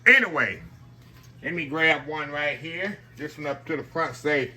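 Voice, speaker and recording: A home cook channel host runs a casual cooking demo in his kitchen, frying on the stove as it sizzles in the background. His voice is a little high and a little slow, and he's chatty, tossing out "y'all" constantly.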